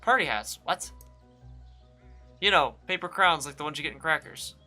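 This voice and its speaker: A man's voice: on the high side, expressive, normal speed, pushed and bright, faint music behind. A man voicing a matter-of-fact male farmer in a game. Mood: dry.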